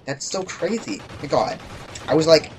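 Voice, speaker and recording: Excitable young man yelping over gunfire. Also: on the high side, normal speed, a little hiss or hum. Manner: excitable, jokey, yelps and shouts when startled. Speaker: gameplay commentator. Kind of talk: casual live gameplay commentary. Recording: loud game gunfire behind voice. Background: gunfire and explosions from the game.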